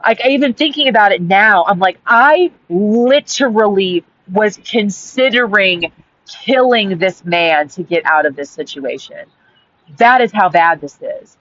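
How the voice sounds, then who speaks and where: A woman's voice: mid-range voice, lively intonation, unhurried, a bit bright, no echo. A woman host telling a personal story in a heated, rambling monologue full of swearing. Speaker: author and podcast host. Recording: dull audio with faint background hiss.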